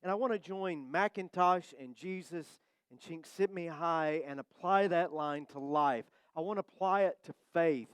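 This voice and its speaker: A male pastor preaching a sermon in a church, conversational and humorous, slowing down to stress key phrases. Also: on the high side, clean tone, no echo. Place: church sanctuary.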